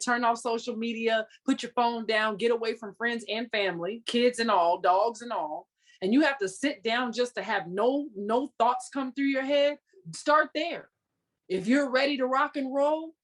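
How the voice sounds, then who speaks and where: A woman guest on a podcast giving a firm motivational talk, pressing the listener with direct commands. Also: fairly high pitch. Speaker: podcast guest, business coach.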